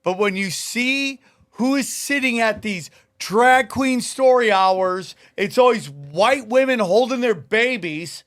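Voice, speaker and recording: Man, podcast host, high voice, joking, crude, dry studio sound. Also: slow, dry recording. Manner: animated, joking, swearing. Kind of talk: casual podcast chat.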